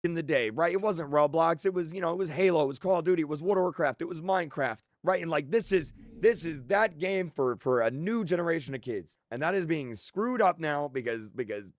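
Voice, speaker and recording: A man's voice: fairly high pitch, lively intonation, brisk, hardly any pauses, dry recording. A man who makes games speaks in an impassioned monologue, earnest and frustrated, often restarting his sentences. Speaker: game creator.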